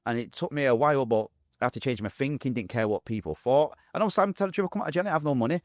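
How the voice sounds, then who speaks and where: A man's voice: medium pitch, expressive, rapid-fire, dry recording, studio quality. A man with a Manchester accent telling his life story as an interview guest, emotional and blunt with street slang. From England.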